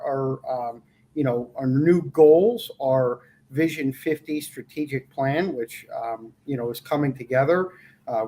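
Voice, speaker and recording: A man from an association discussing plans on a live webcast in a measured way, with many "you know" and "um" fillers. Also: mid-range voice. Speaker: association staffer.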